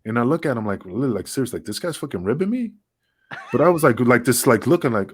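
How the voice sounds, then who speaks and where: A man's voice: medium pitch, fast, dry recording. Profane middle-aged man telling war stories. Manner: profane, animated, acts out dialogue. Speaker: podcast guest. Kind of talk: casual storytelling.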